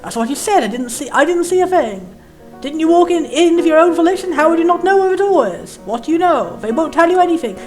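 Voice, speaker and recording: A woman's voice: extremely high pitch, animated, fast, darkish tone. A woman casually commenting on a video game, reading its text aloud and rambling through puzzled questions. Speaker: let's play host. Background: faint game music.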